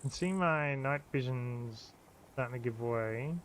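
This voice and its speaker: Excitable swearing gamer man. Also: mid-range voice, a little slow. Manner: swears freely, talks to himself, excitable. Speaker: game streamer. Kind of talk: live gameplay commentary. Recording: faint background noise.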